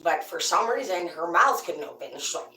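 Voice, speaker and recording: A woman telling profane, rambling comedic stories about growing up on a farm, in a loose, animated way. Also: on the low side, moderate pace, distant mic, background noise. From rural farm upbringing. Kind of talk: casual comedic storytelling. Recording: roomy, away from the mic.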